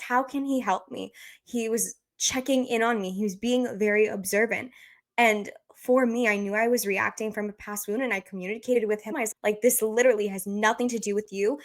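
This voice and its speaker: A woman in her twenties hosting a podcast, speaking earnestly and openly in casual, heartfelt chat. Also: medium pitch. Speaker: podcast host.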